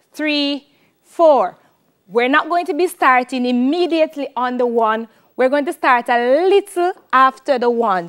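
A Jamaican woman leads a televised classroom music lesson. Her voice sits high, and she takes an unhurried pace. She chants song syllables and claps out rhythms for her students to copy. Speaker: music teacher.

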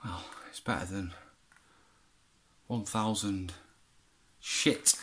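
Speaking extremely slowly in a lowish, fairly bright voice, a man vlogs amid slight background noise as he digs through boxes of his child's old stuff. His talk to the absent child is rambling and casual, peppered with swearing and laughter.

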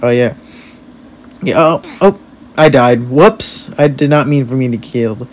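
A man giving goofy, excited commentary over his own game playthrough, exclaiming often. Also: mid-range voice, moderate pace. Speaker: gamer narrating a playthrough. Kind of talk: excited let's-play commentary.

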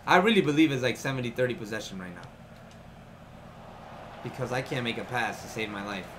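A man giving live commentary on his own video game play, excitable and often frustrated, tossing in "man" and "yo" a lot. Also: medium pitch, brisk, noisy background. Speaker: gaming YouTuber.

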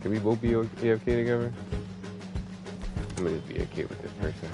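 A young man streaming a game and talking casually to his chat, full of slang, swearing and quick laughs. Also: on the low side, vocal fry, music in the background. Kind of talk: casual live-stream banter.

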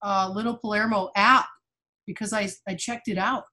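Female co-host, bubbly and playful, easy laugh, mid-pitched. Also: steady tone, moderate pace, pushed and bright. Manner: cheerful, playful, laughs easily. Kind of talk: casual talk-show chat.

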